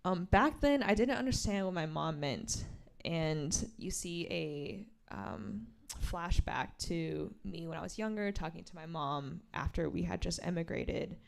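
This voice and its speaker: A woman author reading from her graphic memoir and explaining its pages, a lively storyteller who acts out the quoted lines. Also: lowish voice, measured pace, creaky, few pauses. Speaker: author at a bookstore event.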